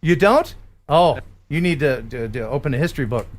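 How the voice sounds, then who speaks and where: An older man hosting a live stream, joking and rambling with many halting restarts. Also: mid-range voice, lively intonation. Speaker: host. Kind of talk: casual live-stream chat.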